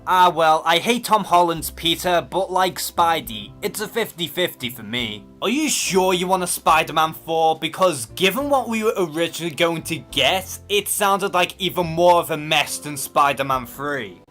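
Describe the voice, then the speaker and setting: A young man with a Scouse accent reading out and answering viewer comments, expressive and sarcastic, often raising his voice and swearing. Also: a little high. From Liverpool, England. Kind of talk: casual commentary.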